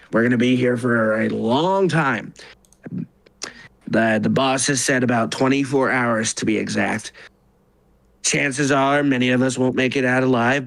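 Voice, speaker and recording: A man's voice: medium pitch, creaky, no room sound, lightly acted. A man voicing a boisterous female ritual leader giving orders in a tabletop game. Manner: boisterous and loud.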